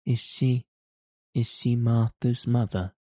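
A man's voice: mid-range voice, steady tone, slow pace, warm tone, no room sound, clean studio sound, pitched above the performer's own voice, natural voice. A man voicing a timid, lonely little girl in an audiobook, with hesitant, stammering pleas. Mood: timid pleading. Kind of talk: audiobook character reading.

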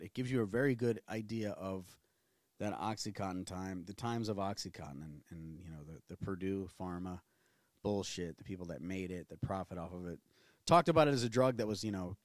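A man's voice: deep voice, dry recording, clean studio sound. A man from the New area, hosting a casual solo podcast and rambling candidly with plenty of profanity. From New Orleans area. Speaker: podcast host.

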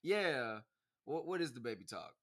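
A young man co-hosting a casual chat, slangy and animated, acting out quotes as he tells stories. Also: medium pitch, moderate pace. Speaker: podcast co-host.

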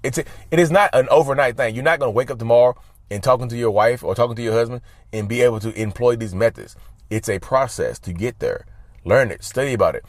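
An advice vlogger talks casually to camera in a mid-range voice at a quick pace, addressing his viewers as "y'all" often while giving advice in an emphatic, repetitive style. The sound is clean studio audio with no room sound.

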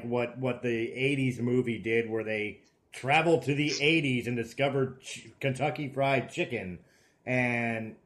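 A middle-aged man hosts a loose, casual chat in his ordinary voice, pitched right in the middle. He talks with animated energy, laughing often and dropping casual swears. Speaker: podcast host.

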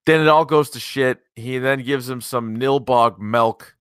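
Dude with a bright voice chatting about a movie, laid back, swears a lot, dry close sound. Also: male voice, medium pitch, measured pace, smooth, dry recording. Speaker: podcast co-host. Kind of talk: casual movie recap chat.

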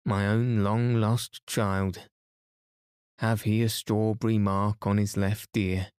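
A man voicing a rough male traveller who claims a stolen baby, with a slow drawling dialect. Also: lowish voice, level tone, a little mellow, dry recording, clean studio sound. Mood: boastful.

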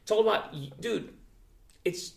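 With a high, creaky voice at a normal speed, this podcast host keeps the conversation loose and full of swearing, dropping "dude" over and over. The room echo is noticeable.

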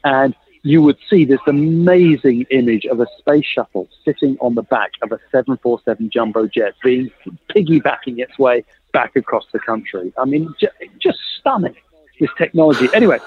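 A man's voice: medium pitch, husky, no room sound. A man telling a long story in a chat, acting out the dialogue he quotes. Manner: lively, acts out quoted dialogue, laughs often. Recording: tinny phone-like line, dry.

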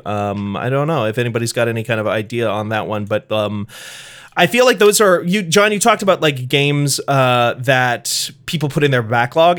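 A man's voice: mid-range voice, fairly bright tone, smooth. Rambling male podcast co-host. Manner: rambling, hedging with fillers and asides. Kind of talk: casual podcast chat.

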